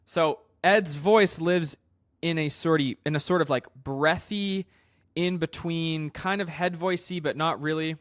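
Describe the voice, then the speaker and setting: A man with a fairly high voice talks through a singing lesson as a vocal coach. He explains in a relaxed, chatty way, full of fillers and restarts. The sound is close and dry, with little room echo. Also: a little slow. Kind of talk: singing lesson with sung demonstrations.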